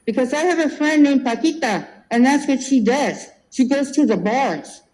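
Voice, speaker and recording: A woman's voice: high-pitched, normal speed, darkish tone, natural voice, poor audio. Older woman doing a patronizing school counselor, barely put on. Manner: patronizing, coaxing.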